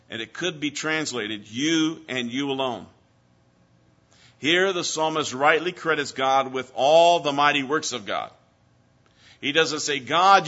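A man preaching a sermon to his congregation, emphatic, with dramatic pauses and slowed, stressed phrases. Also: mid-range voice, bright, forceful tone. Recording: dull lo-fi sound.

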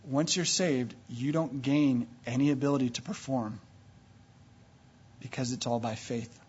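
A man preaching a sermon, emphatic, swinging from low and quiet to loud and high, retelling scripture stories. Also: steady tone, a little slow, husky. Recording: dull lo-fi recording.

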